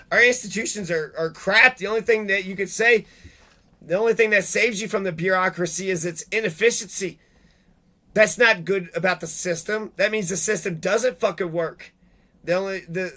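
A man giving an angry monologue, swearing heavily and breaking into loud outbursts. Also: high voice. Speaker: video blogger reading legal rules. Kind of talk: profane ranting monologue.

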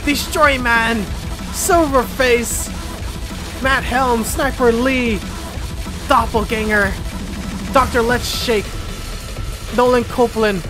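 A woman reacting emotionally to a video game ending, excitable and swearing freely. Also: a little high, takes it slowly, long pauses, over music. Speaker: let's play streamer. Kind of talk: gameplay reaction commentary.

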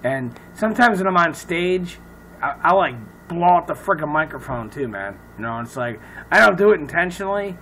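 A man who is a comedian, rambling loudly and profanely in a casual talk to camera. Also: on the high side, expressive, normal speed, slight background noise, poor audio. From Irish heritage. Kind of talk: casual off-the-cuff chat to camera.

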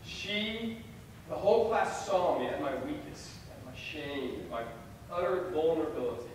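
A young man telling a self-deprecating, animated story as a chapel speaker. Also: on the high side, moderate pace, slight background noise. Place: large hall. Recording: echoey hall from far off.

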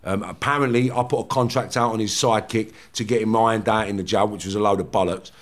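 A man's voice: lowish voice, fairly even intonation. A London man, a former prisoner, telling stories bluntly with lots of swearing and restarts. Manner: blunt, swearing, rapid restarts, acts out confrontations. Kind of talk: heated podcast storytelling.

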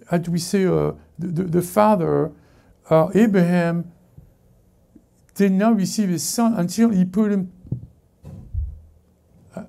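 Gravelly dark-voiced male pastor preaching. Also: high-pitched. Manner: halting, self-correcting preaching with many restarts. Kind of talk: sermon. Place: church service before a congregation.

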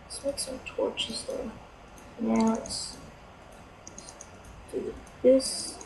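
A woman with a high voice talks through her gameplay in a slow, unhurried way. She chats casually, breaks into quick exclamations and jokes at her own mistakes. A steady hiss sits under her homemade mic recording. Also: gravelly. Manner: chatty, self-mocking, quick exclamations. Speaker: let's play gamer.

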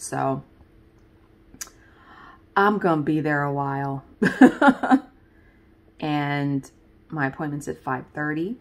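Chatty woman with a lowish voice. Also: a bit bright. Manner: chatty and rambling, with frequent fillers and laughs. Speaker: craft video host. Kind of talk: casual chat while crafting.

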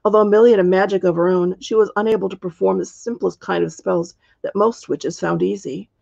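A woman, the author, reading her storybook aloud in a steady, measured way, in a dull lo-fi recording. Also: mid-range voice, creaky, dry recording.

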